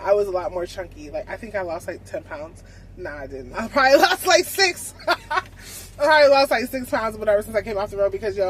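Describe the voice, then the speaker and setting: Young woman trucker, casual vlog storyteller, salty and animated, faint noise behind. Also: medium pitch, low-quality recording. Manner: animated, swearing, acts out conversations. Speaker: truck driver vlogger.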